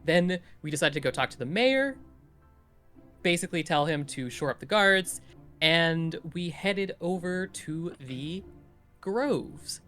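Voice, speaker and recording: A man casually recapping the last tabletop role-play session for the group, in an animated storytelling way. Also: a little high, slow, faint music behind. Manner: animated storytelling, playful voices in quotes. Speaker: player giving a recap.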